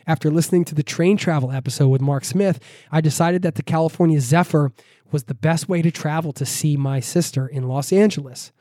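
Podcast host, under the weather, scratchy, dark and dry. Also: male voice, fairly high pitch, fairly quick, no room sound. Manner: warm, upbeat, encouraging. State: sick, scratchy voice. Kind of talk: reading listener mail and signing off.

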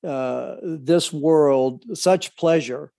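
An older man co-hosting a casual chat, talking in halting bursts full of restarts and fillers, reminiscing with his son. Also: a little high, creaky, warm tone, no room sound, clean studio sound. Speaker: podcast co-host, father of the other host.

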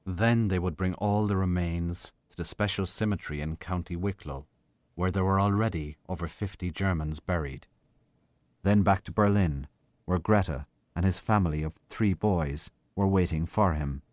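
A man giving a slow, measured literary reading of a short story. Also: low voice, darkish tone, no room sound. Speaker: reader.

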